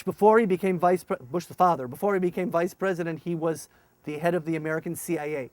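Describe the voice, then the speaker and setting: Middle-aged guy, pretty high voice, animated storytelling, dry close sound. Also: dry recording. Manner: animated, acts out dialogue in raised voices. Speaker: former paratrooper officer. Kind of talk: storytelling testimony.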